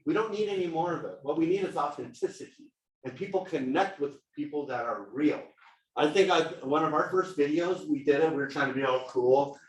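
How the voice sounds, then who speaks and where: A middle-aged man tells stories to a room of agents, acting out the quotes with lots of energy. His voice sits a bit high and sounds distant, picked up from across a reverberant meeting room. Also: fairly quick. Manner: animated storyteller, acts out quotes. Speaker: title company rep giving a sales seminar. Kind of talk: casual workshop talk. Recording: echoey room, mic at a distance.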